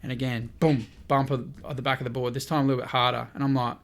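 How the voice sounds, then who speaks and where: A gravelly, medium-pitched man talks fast as a podcast guest, relating a story in lively, casual conversation. Along the way he quotes people in dialogue, acting out what they said, and swears now and then.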